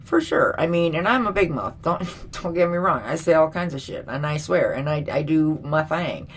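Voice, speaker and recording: A middle-aged woman vlogger rants bluntly in casual commentary, swearing a lot and sounding indignant. Her voice sits low and is expressive, at a moderate pace, with a slight hiss or hum in the background.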